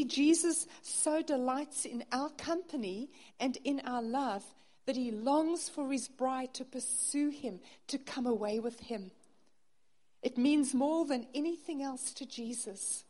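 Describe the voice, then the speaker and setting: A woman preaching a sermon in an earnest way, her voice dropping soft on tender phrases. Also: sits high, unhurried. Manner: earnest, softening to near-hush on intimate phrases.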